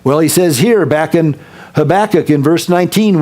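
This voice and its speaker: A man preaching a sermon as pastor, telling stories in an animated way, acting out scenes and dropping to a soft voice for emphasis. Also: fairly high pitch, normal speed. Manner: drops to a soft, quiet voice for emphasis.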